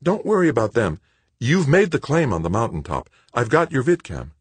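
Guy putting on a soft caring spacewoman, pitched way up, gentle. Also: wildly swooping pitch, normal speed, husky, no room sound. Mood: reassuring. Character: young woman astronaut, tender and caring.

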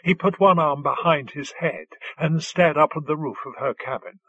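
A man narrating a story in a measured, unhurried scripted reading, on a dull lo-fi recording. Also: on the high side, fairly bright tone, husky, no room sound. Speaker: audiobook narrator.

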